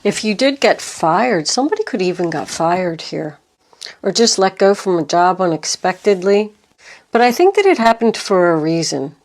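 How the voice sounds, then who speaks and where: A woman giving a tarot reading to camera, slow and reassuring as she talks through the cards. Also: fairly low pitch, very animated. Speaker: tarot reader.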